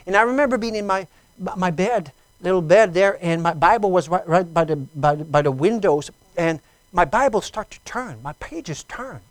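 A speaker with a French accent, a native French speaker, giving an emotional testimony at a sermon. They tell the story with halting, repeated words and swing from hushed tones to loud ones. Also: medium pitch, no echo, rough recording.

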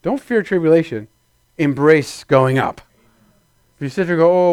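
Playful preacher with a dry close sound. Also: male voice, on the high side, normal speed, darkish tone, clean tone, dry recording. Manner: conversational, playful, acts out little scenes in put-on voices. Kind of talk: sermon. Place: church before a congregation.

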